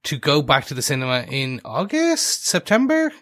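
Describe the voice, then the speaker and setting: A man co-hosting a podcast, casual and jokey with quick asides. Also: a little high, huge pitch swings, fairly bright tone. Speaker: podcast co-host.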